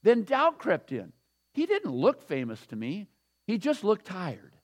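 A man in his sixties preaching a sermon, animated and repetitive, laughing often. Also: high-pitched, a little slow. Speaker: pastor.

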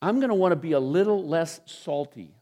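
A man's voice: on the high side, lively intonation, brisk, mellow. A male pastor giving a sermon in a loose, conversational way, with many restarts and asides. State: tired after a short night.

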